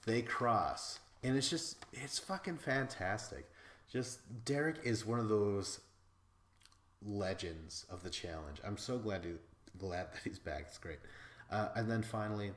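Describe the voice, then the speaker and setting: A man from Wisconsin hosting a podcast, recapping episodes in a casual, excitable way, swearing freely and laughing as he talks. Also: on the low side, unhurried, echoey room, a little hiss or hum. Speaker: podcast host.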